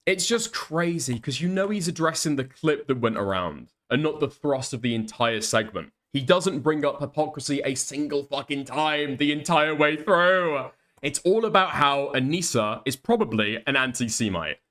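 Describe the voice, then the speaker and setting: A man's voice: on the high side, lively intonation, normal speed, fairly bright tone. A young man streaming commentary, ranting casually with lots of swearing and pushy "okay?" tags. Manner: profane, emphatic, repeats "okay?" to press points. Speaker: streamer reacting to clips.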